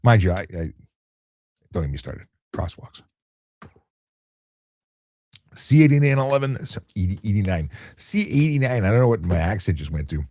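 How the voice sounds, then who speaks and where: A man, a traffic cop, hosting a relaxed late-night live chat and answering viewer questions in an easygoing way, often repeating words as he restarts. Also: low-pitched, brisk, slightly rough, no room sound, studio quality. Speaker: traffic cop and livestream host.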